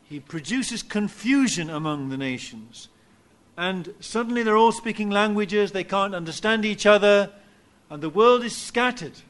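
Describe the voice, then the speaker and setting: A man preaching a sermon, slow and emphatic, with dramatic pauses between phrases. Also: high-pitched, lively intonation, a bit bright.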